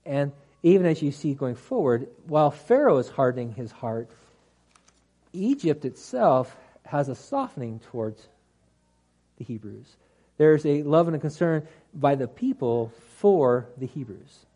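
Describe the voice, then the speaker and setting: A man's voice: a little high, very animated, measured pace, warm tone. A man teaching a Bible study class to a group, talking through the text conversationally with restarts and dry humorous asides.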